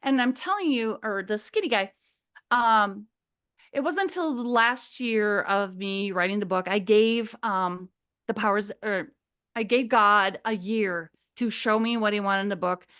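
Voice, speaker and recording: A woman in her fifties from Minnesota, USA, appears as a podcast guest, telling a long personal story casually, going off on tangents, swearing freely and laughing often. Her mid-range voice is clean, fairly bright and a little slow.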